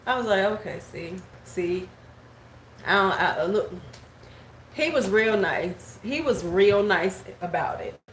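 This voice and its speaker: A woman in her forties chatting casually on a live stream, telling gossip and greeting viewers by name, sometimes slipping into squeaky voices to quote people. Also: takes it slowly. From United States. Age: 40s. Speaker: beauty vlogger. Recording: echoey room with faint background noise.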